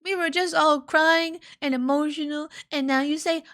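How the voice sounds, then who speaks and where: A woman streamer chatting casually while playing a game, giggling and squealing when excited. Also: high-pitched, moderate pace. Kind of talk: casual gameplay chat.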